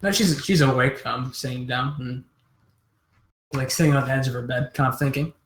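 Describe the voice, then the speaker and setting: A man's voice: medium pitch, echoey room. A man narrating a tabletop game as game master, often stopping and restarting his phrases. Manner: halting, restarts mid-phrase.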